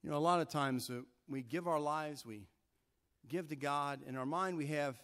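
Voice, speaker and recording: A male pastor preaching a sermon in an animated, conversational way. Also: fairly high pitch, moderate pace.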